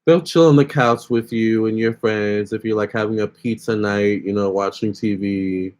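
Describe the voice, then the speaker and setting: A man's voice: on the low side, moderate pace, a little mellow. A young man hosting a casual phone livestream, chatting with viewers and reading their comments aloud. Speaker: livestream host.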